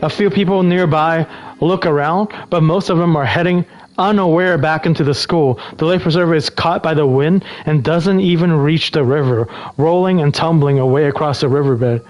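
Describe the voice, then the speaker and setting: Male streamer with a slightly higher voice, casually narrating a game and answering chat. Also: rough recording. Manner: relaxed, breaks off to answer chat. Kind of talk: reading game text aloud between casual chat.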